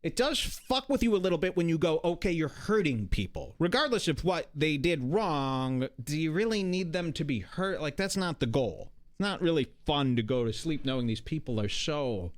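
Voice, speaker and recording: A man hosting a podcast, talking in an animated, exasperated, profane rant. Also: on the high side, normal speed, few pauses. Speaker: podcast host. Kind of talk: casual ranting commentary.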